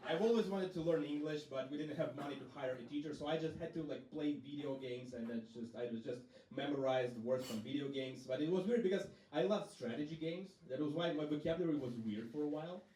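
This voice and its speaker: A male stand-up comedian telling stories deadpan on a club stage, slipping into quick quoted voices. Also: a little high, a little hiss or hum. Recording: roomy club sound from a distance.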